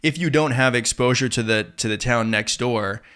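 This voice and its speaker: Relaxed Canadian man hosting an interview. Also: medium pitch, moderate pace, clear, resonant tone. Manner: relaxed, conversational, asks follow-up questions. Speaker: interview host. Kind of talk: casual interview chat.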